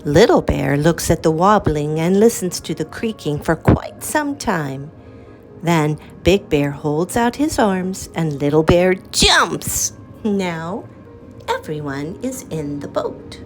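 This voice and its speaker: A woman reading a picture book aloud to children, in a slow, lilting and expressive storyteller's manner. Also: deep voice, soft background music.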